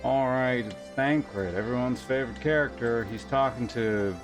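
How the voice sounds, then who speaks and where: A man's voice: medium pitch, normal speed, over music. Chatty male game streamer. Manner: relaxed and chatty, often trailing off with fillers. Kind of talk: casual let's-play commentary.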